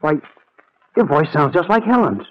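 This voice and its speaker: Nervous stammering husband actor, lively voice, tinny old radio drama. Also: male voice, on the high side, normal speed, close to an everyday voice. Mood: anxious. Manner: stammering, anxious. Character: worried young husband, anxious and stammering.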